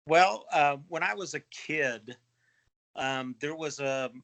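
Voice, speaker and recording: Casting: relaxed man from Texas, radio guest, bright tone, brief replies. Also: on the high side, takes it slowly, gravelly, low-quality recording. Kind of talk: casual interview.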